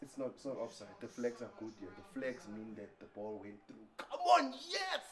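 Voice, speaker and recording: A man excitedly cheering and explaining the rules while watching a match, in an exuberant, teasing manner. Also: lowish voice, brisk.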